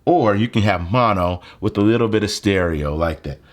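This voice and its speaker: Young male tech creator, low voice, relaxed filler-heavy delivery. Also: moderate pace. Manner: relaxed, conversational, lots of fillers. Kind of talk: casual gear tutorial. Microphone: handheld phone mic.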